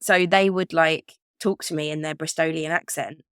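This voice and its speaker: A woman's voice: low voice, steady tone, normal speed, clear, resonant tone, no room sound, studio quality. A woman with an Essex accent co-hosting a podcast in casual chat, chatty and self-mocking. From England. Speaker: podcast co-host.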